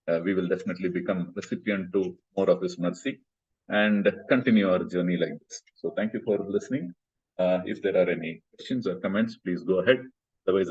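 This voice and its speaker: Man, scripture class over a video call, explanatory and hesitant, low voice, dull call audio. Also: darkish tone, slightly rough. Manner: explanatory, hesitant with many fillers. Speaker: spiritual class speaker.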